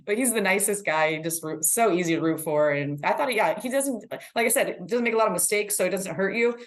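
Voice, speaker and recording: A woman co-hosting a sports podcast in casual chat, telling stories in an animated way and acting out what people said. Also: mid-range voice, fast talker. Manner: animated storyteller, acts out quotes, laughs. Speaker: podcast co-host and team reporter.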